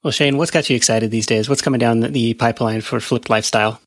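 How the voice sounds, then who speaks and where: A man's voice: medium pitch, fairly even intonation, fast, no echo, clean studio sound. Encouraging man hosting a chat. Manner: encouraging, reactive. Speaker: podcast host. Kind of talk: conversational interview.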